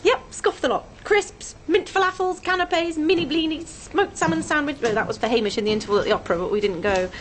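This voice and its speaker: An actress playing an excitable, celebrity-obsessed woman, gushing and bossy, in a radio comedy. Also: sits high, quick pace, few pauses, slight background noise, lightly acted.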